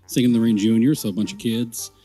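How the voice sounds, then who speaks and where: A middle-aged man with a mid-range voice co-hosts a podcast, talking fast in a casual, rambling and animated way. His speech is full of fillers and restarts, with soft music playing in the background.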